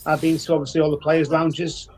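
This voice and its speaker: A man commentating as a guest on a live darts stream, a journalist who chats loudly and plugs his own work. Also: on the high side, level tone, brisk, a little hiss or hum, low-quality recording.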